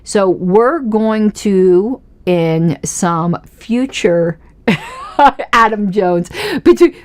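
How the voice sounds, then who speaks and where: A woman's voice: mid-range voice, extremely slow. A woman hosting a casual political commentary livestream, chatty and self-mocking, often laughing as she talks.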